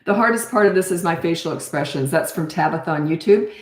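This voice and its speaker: An older woman coaching parents in a blunt, animated way, answering questions and acting out how to talk. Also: on the low side, fast talker, roomy sound. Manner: blunt, animated, acts out parent and child voices.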